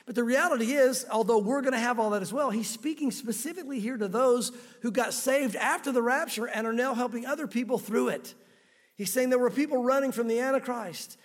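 A man's voice: very high voice, fairly quick, long reverb tail. A male pastor preaching a sermon, earnest and direct, putting rhetorical questions to his listeners.

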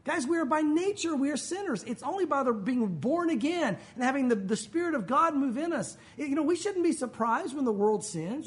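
A man's voice: very high voice, very animated, moderate pace, few pauses. A man, a pastor, preaching a conversational sermon and acting out the voices he quotes.

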